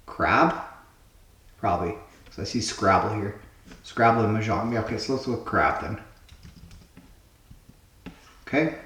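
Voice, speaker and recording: A man's voice: on the low side, expressive, unhurried, long pauses, fairly bright tone. A man hosting a word-puzzle video, musing aloud and trying out guesses as he solves the clues. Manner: musing, trial-and-error guessing of answers aloud. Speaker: host playing word puzzles. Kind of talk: casual thinking aloud while solving puzzles. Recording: roomy echo.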